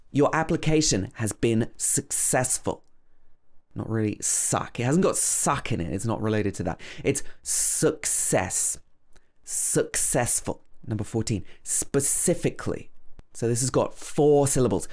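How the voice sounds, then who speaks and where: A man teaching English pronunciation, slowly and carefully repeating each word to demonstrate it. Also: medium pitch, darkish tone. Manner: slow, careful demonstration of words, repeated over and over. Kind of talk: pronunciation lesson.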